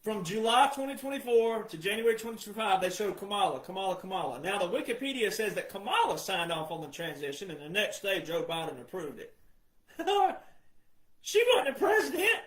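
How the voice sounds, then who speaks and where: A man delivering an impassioned political monologue, emphatic and repetitive, often rising to shouts. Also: high voice, fast, few pauses, echoey room, rough recording. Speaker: political commentator.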